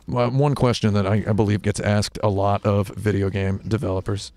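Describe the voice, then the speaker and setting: A man hosting a casual interview in a small studio, deadpan and rambling, with music behind. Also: lowish voice, normal speed. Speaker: host.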